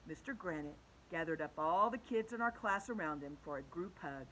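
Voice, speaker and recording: A woman reads a children's storybook aloud with an animated, sing-song delivery that rises and falls a lot. Her tone is bright and clear. She shifts her voice for each character. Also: lowish voice, a little fast, a little hiss or hum, rough recording. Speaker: children's book reader.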